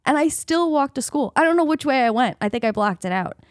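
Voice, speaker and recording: A woman's voice: sits high, lively intonation, fast talker, no room sound, clean studio sound. A woman co-hosting a podcast, telling a childhood story in casual chat, acting out the voices of people in it and laughing often. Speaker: podcast co-host.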